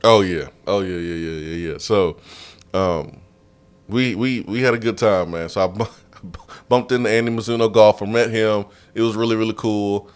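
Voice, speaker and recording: Laughing low-voiced male radio host. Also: normal speed, smooth. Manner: animated, laughing storyteller. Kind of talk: casual storytelling. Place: radio studio.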